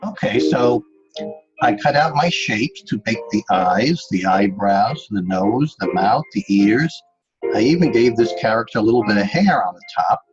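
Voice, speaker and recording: A man's voice: fairly low pitch, lively intonation, moderate pace, highs cut off, music in the background. A man from Staten Island teaching an online children's craft lesson, patient and step by step, talking straight to the kids. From Staten Island, New York. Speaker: art teacher.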